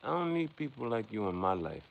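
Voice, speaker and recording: A man's voice: medium pitch, big pitch swings, fairly quick, gravelly. A man hosting a casual livestream, rambling and philosophizing as he talks straight to his chat. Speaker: livestream host. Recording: dull lo-fi sound with faint background noise.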